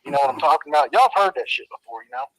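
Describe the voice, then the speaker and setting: A man's voice: a little high, expressive, racing, fairly bright tone, rough recording. A man telling a spooky childhood story in a casual, drawling way, swearing and making sound effects. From Arkansas.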